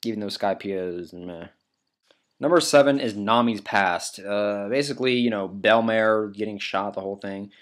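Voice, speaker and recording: A man's voice: on the low side, moderate pace, fairly bright tone. A man talking through a countdown list in casual vlog style, rambling with lots of fillers and casual swearing. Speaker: anime vlogger ranking moments.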